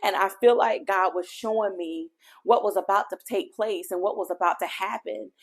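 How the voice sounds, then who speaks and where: A woman's voice: medium pitch, fairly even intonation, moderate pace. A woman podcast host telling a personal faith testimony in an earnest, heartfelt way, speaking directly to her listeners.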